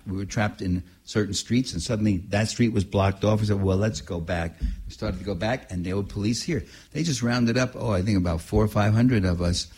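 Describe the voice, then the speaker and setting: An older man, a writer and activist, giving a talk full of anecdotes in a husky voice, animated and laughing at his own stories. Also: fairly low pitch.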